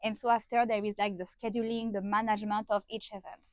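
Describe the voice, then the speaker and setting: A woman's voice: medium pitch, little pitch movement, fast, dry recording, poor audio. A woman with a French accent, chatting as a podcast guest with many filler sounds and restarts. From France. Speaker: podcast guest, event designer. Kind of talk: casual interview chat.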